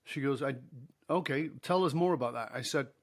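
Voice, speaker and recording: A man's voice: medium pitch, a little fast. A middle-aged man, a leadership speaker telling a story as a podcast guest, acting out the dialogue and laughing along. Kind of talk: conversational storytelling.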